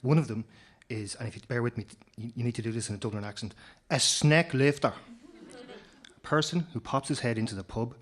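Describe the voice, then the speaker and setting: A man's voice: lowish voice, fairly even intonation, racing, a little mellow. A man speaking as a guest expert on a radio comedy panel, explaining old words with enthusiasm and chuckles.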